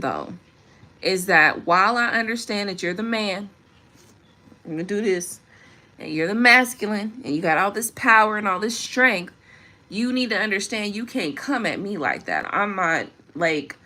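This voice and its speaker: Forceful, bright-voiced woman vlogger. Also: medium pitch. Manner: emphatic, profane, preachy. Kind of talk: unscripted spiritual monologue.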